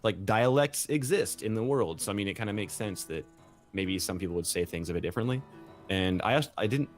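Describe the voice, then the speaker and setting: A man with a very deep voice explains things in a loose, rambling way, full of fillers and restarts. It is relaxed, casual chat. Faint music plays underneath. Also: a little fast. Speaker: game language designer explaining a cipher.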